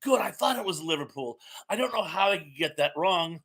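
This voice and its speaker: Bright-voiced man hosting a live chat. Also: fairly high pitch, animated, a little fast. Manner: friendly and rambling, with many fillers. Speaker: live stream host. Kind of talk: casual chat reading out viewer comments.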